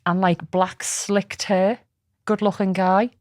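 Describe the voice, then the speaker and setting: A woman's voice: medium pitch, little pitch movement, slow pace, darkish tone, no room sound, studio quality. A woman co-hosting a podcast in casual, rambling chat, swearing freely. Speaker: podcast co-host.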